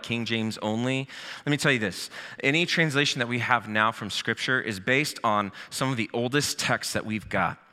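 A man gives a relaxed, humorous sermon, teaching his congregation with playful asides. His voice is very bright and forward. It rings with the long reverb of a large church auditorium. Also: mid-range voice. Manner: casual, joking, lively teaching with acted asides. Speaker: pastor.

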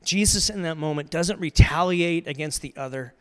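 A middle-aged male pastor preaching a sermon, telling the story earnestly, swinging from loud emphasis to soft, quiet passages. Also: on the high side, normal speed, clean tone.

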